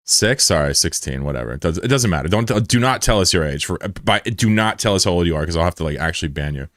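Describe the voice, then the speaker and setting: A man's voice: deep voice, animated, fast talker, a bit bright, no echo, clean studio sound. A man streaming live, chatting casually with his viewers, joking and swearing as he banters with chat.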